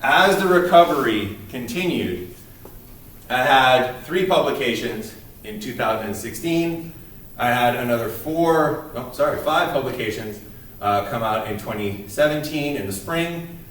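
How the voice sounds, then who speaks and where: A man's voice: medium pitch, animated, measured pace, fairly bright tone. A man lecturing a class in an earnest, emphatic way, often restarting his sentences as he goes. His voice sits in a middle range and is picked up from a distance. A strongly echoing room and a faint background hiss surround him. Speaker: university lecturer. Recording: distant mic in an echoey room.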